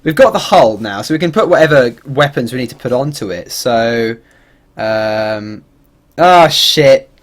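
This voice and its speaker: A male game streamer talks casually over his gameplay in a mid-pitched voice that bounces up and down a lot. He rambles loosely and swears freely as he goes. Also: lively intonation, a little slow. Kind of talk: casual livestream commentary.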